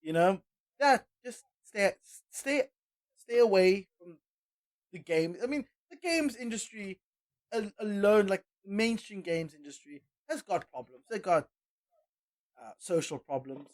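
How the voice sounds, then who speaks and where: A man co-hosting a podcast, animated and opinionated, often repeating words as he gets going. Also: high voice, a little slow. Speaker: podcast co-host. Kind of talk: casual opinionated chat.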